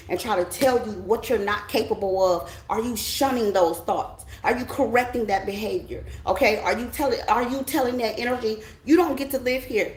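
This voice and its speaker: A woman's voice: mid-range voice, echoey room, poor audio. A middle-aged American woman giving a blunt, emphatic spiritual pep talk as a tarot reader, often checking in with her listeners.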